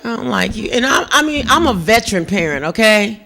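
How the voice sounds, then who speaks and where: Gravelly, brash woman comic. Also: medium pitch, very animated, a little fast, fairly bright tone. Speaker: stand-up comedian. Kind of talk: stand-up comedy set.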